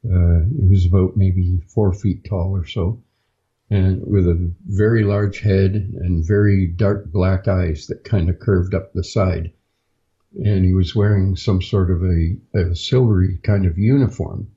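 A man, a podcast guest, recounting a personal experience in a halting, unhurried way with frequent pauses, on a dull lo-fi recording. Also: low voice, fairly even intonation, dark tone. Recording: dull lo-fi sound.

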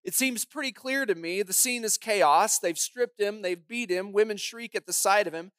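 A woman's voice: medium pitch, normal speed, fairly bright tone, no echo. A woman pastor preaching a sermon, telling the story dramatically and emphatically with pointed rhetorical questions.

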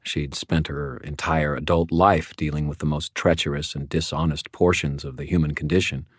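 Deep-voiced man narrating an audiobook. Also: little pitch movement, normal speed, dry recording, studio quality. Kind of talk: first-person audiobook narration.

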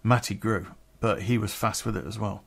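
A man's voice: on the low side, fairly even intonation, normal speed, vocal fry, fairly bright tone, husky. A middle-aged man telling a personal story on a podcast, candid and rambling, swearing freely.

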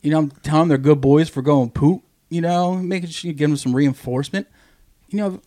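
A man on a casual podcast telling a story, swearing a lot and jumping into a high, goofy voice when he quotes people. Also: brisk, dark tone. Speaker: podcast co-host. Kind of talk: casual chat.

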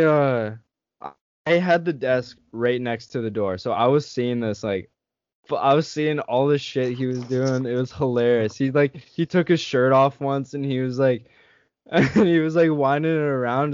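A man's voice: mid-range voice, moderate pace, a little mellow, no room sound. A young man hosting a podcast, telling a school story in casual chat and laughing often. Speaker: podcast host. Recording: slightly dull dry sound.

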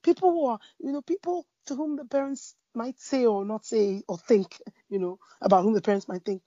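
A woman preaching in conversation, spinning a story with plenty of restarts and fillers. Her voice sits a bit high and sounds husky and mellow. The recording is dry and somewhat dull. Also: normal speed, no echo. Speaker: Christian speaker.

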